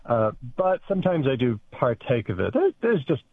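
Cast: wry linguist guest, lively husky voice, heard over a phone line. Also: male voice, medium pitch, normal speed. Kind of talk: casual radio chat.

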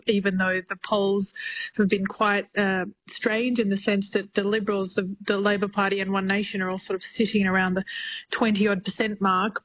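Female Australian correspondent, level monotone delivery, thoughtful on-air analysis. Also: mid-range voice, poor audio. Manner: thoughtful, even, with fillers like "you know". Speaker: political correspondent. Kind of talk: radio news interview.

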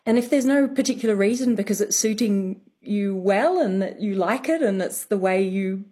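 A woman who is a guest expert on a radio show, explaining carefully. She thinks aloud and pauses often with fillers. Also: medium pitch, warm tone, husky. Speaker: studio guest, speech expert.

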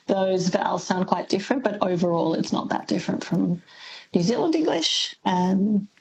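A woman's voice: medium pitch, normal speed, vocal fry, a little mellow, slight background noise, low-quality recording. A woman linguist as a radio guest, explaining thoughtfully with many ums. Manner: thoughtful, lots of ums, laughs easily. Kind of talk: radio interview.

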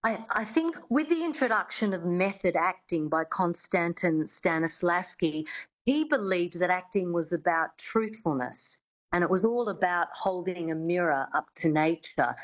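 A woman's voice: lowish voice, animated, moderate pace, low-quality recording. A woman coach, a radio interview guest explaining at length with many fillers. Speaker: accent coach.

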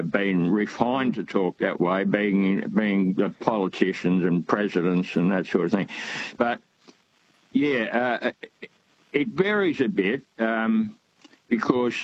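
A man's voice: fairly low pitch, lo-fi sound, a little hiss or hum. An older man calling in to a radio show, talking in a rambling, hesitant way with many fillers. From Australia. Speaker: caller. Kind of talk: phone-in call.

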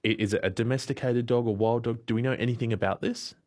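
A man's voice: medium pitch, fairly even intonation, fast talker, darkish tone. A man interviewing a farmer, asking questions in a stumbling, stop-start way. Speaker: radio interviewer.

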